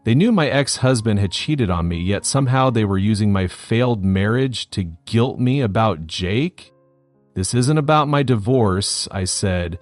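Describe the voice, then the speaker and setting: Low-voiced man narrating a story. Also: lively intonation, moderate pace, few pauses, faint music behind. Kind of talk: scripted first-person story narration.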